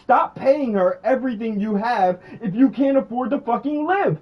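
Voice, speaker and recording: A man with a very high-pitched voice argues heatedly over the phone, blunt and full of profanity. His words pile up in angry bursts. The recording sounds dull and lo-fi. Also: expressive, moderate pace. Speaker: streamer. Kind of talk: heated phone argument during a stream.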